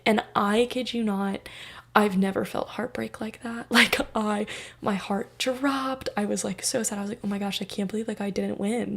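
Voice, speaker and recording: Gravelly-voiced young woman telling a story. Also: mid-range voice. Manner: animated, full of "like" fillers, acts out voices and drops to whispers. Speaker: podcast host. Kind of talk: casual storytelling.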